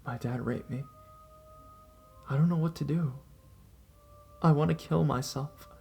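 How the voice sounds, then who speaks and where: A man's voice: animated, takes it slowly, slightly rough, faint music behind, full character voice. A man voicing a young female prank caller in a raised, girlish voice. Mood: panicked. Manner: pleading then mocking, high girlish voice.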